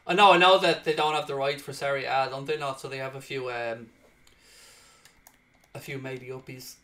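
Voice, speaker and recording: A man hosting and commentating on his own football video game, excitable and swearing loudly in frustrated outbursts, sounding tired. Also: mid-range voice, normal speed. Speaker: gaming streamer and host. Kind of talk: live gaming commentary.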